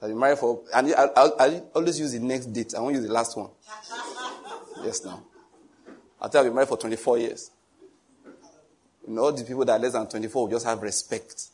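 A man's voice: mid-range voice, a little fast, long pauses, a little hiss or hum. A middle-aged male pastor preaching a sermon, telling stories with a jovial, teasing manner and frequent chuckles. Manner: teasing, animated asides.

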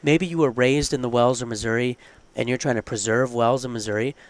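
A man's voice: mid-range voice, steady tone, a little fast. Male academic co-host, conversational and earnest, loose unscripted delivery. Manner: conversational, earnest, thinks aloud with asides. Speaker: podcast co-host, college theology professor. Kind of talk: casual podcast chat.

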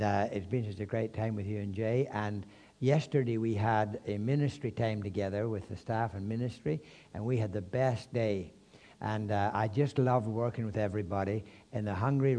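A man's voice: lowish voice, dark tone. A man speaking as a guest at a church service, a counsellor who greets the people earnestly and with devotion. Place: church auditorium.

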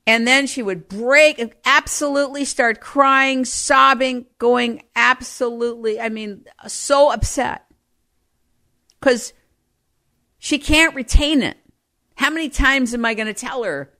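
A middle-aged woman telling personal stories, growing more animated as she goes. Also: a little high, slow pace. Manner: animated, grows livelier and louder as she tells anecdotes. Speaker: storyteller. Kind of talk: personal storytelling.

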